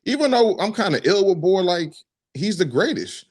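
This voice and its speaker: This is an excitable man from the Boston area, talking sports on a casual podcast. His voice sits a bit higher than most men's. He leans on "like" as he lays out strong opinions. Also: moderate pace, husky. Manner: opinionated, excitable, heavy use of "like". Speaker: podcast co-host.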